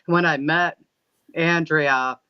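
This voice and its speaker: A man from Michigan, a guest who runs paranormal events, speaking haltingly with many fillers and restarts. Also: on the high side, fairly even intonation, clear, resonant tone, highs cut off. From Michigan, USA. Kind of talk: casual interview chat.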